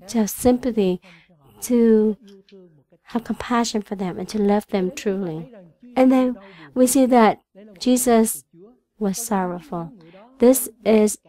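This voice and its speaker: Slow, earnest woman interpreting a sermon. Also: mid-range voice, dark tone. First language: Vietnamese. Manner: earnest, halting with restarts.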